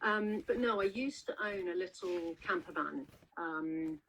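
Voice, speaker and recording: A woman's voice: fairly low pitch, animated, a little slow, a bit bright, slight background noise, low-quality recording. A woman author being interviewed over a video call, telling stories in a chatty way with many restarts and fillers. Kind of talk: casual interview chat.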